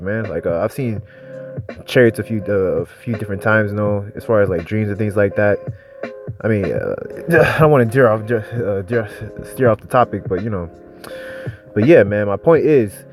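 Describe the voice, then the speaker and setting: Young male street preacher, lowish voice, loose and profane, faint music underneath. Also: darkish tone. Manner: rambling, profane, street talk with constant "man". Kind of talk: informal religious teaching.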